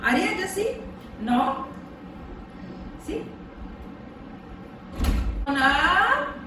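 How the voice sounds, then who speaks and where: A woman's voice: very high voice, big pitch swings, very slow. A woman patiently teaching her young daughter a home science activity, repeating steps and checking with a rising "okay?". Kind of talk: home science lesson for a toddler. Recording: echoey room, distant mic, background noise.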